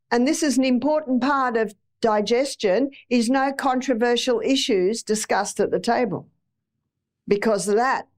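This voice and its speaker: A woman's voice: fairly high pitch, a little mellow. An Australian woman lecturing an audience on health in a chatty way, repeating phrases for emphasis. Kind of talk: live talk to an audience.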